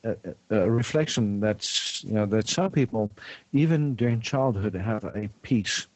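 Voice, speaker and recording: A male radio host with a lowish voice talks in a halting, easygoing way, full of "uh" and "you know." The sound is close and dry, with no room around it. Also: darkish tone, dry recording. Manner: halting, many fillers and restarts. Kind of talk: casual radio talk.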